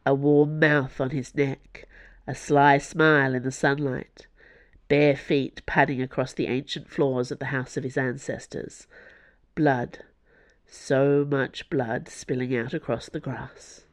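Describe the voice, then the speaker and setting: A narrator reading an audiobook in an even, close storytelling voice, with quiet, lowered asides. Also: slow pace, no echo.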